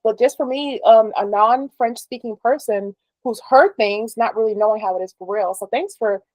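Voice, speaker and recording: A woman's voice: fairly high pitch, moderate pace, a little mellow, no echo, rough recording. A woman interviewing a guest in a casual, chatty way, asking questions with many hedges.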